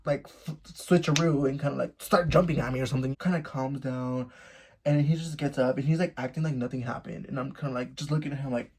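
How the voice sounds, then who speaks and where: Gravelly young man telling a gossipy story. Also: medium pitch, a little fast. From Mexico. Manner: animated, gossipy, swears and laughs often. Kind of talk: casual story time.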